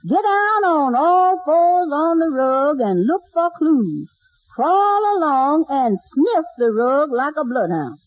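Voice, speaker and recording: Woman voicing a devoted fussy maid, high lively voice, dry close sound, muffled 1940s broadcast. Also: slow pace, no echo, exaggerated voice. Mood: fussing. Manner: calls everyone honey, excitable. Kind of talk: 1940s radio sitcom acting. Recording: dull dry 1940s radio recording.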